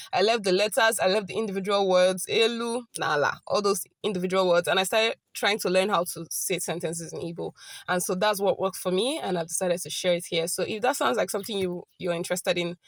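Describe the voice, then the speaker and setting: Woman, friendly online tutor, checks in often, repeats phrases slowly; dry close mic. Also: medium pitch, dry recording. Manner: chatty, keeps checking in with "okay?"; slows down and repeats phrases carefully. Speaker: language teacher. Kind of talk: casual online language lesson.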